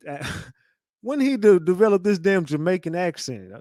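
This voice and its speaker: A man hosting a live reaction stream, talking animatedly, swearing often and shouting out viewers. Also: sits high, very animated, a little slow, dry recording, clean studio sound.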